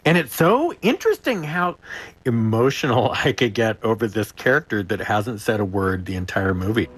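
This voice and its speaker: Low-voiced man, chatty and chuckling. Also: big pitch swings, normal speed, husky. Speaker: actor guest. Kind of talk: TV interview.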